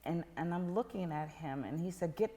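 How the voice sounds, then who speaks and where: Low-voiced woman telling a story. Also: normal speed, long reverb tail. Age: middle-aged. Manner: animated storyteller, drops to whispers for tense moments. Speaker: podcast guest. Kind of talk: personal storytelling.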